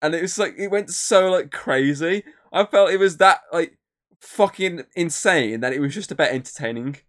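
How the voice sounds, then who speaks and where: A podcast co-host chats casually in a slightly high, somewhat bright voice at normal speed. He rambles, using plenty of filler words and swearing.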